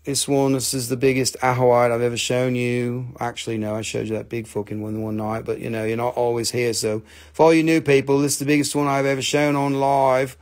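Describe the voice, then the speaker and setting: A man's voice: mid-range voice, flat delivery, a little fast, hardly any pauses. A man hosting a live crystal sale, rambling and joking with crude humor and playful put-on voices. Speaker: host selling crystals on a live stream. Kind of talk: casual live sales chat.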